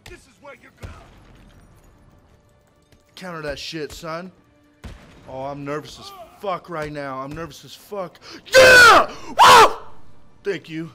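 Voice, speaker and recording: A man's voice: on the high side, expressive, measured pace, pauses often, fairly bright tone, soft background music. Hyped profane young gamer man. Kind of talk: excited let's play commentary.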